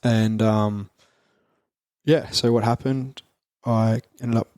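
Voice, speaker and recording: A man's voice: on the low side, fairly even intonation, slow pace, a little mellow, clear, resonant tone, no room sound, clean studio sound. A man in his twenties with an Australian accent, a guest in an interview, talking in a rambling casual way full of fillers and restarts.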